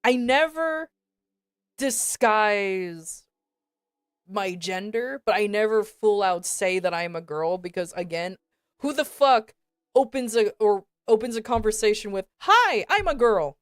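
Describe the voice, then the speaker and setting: A woman's voice: mid-range voice, measured pace, clean tone, dry recording, studio quality. Swearing, rambling woman streamer. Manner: swears a lot, animated and rambling. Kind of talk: casual storytelling to chat.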